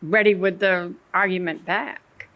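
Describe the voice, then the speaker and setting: A woman's voice: lowish voice, fairly even intonation, a little slow, fairly bright tone. Chatty woman co-hosting a talk show. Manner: chatty, telling stories from her own marriage. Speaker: co-host teaching a Christian marriage class. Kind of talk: casual radio discussion.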